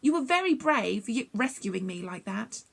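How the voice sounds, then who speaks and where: A woman voicing a small, weak female bumblebee who talks softly and breathlessly. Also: fairly high pitch, sing-song, moderate pace, vocal fry, full character voice. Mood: gentle. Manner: soft and breathless.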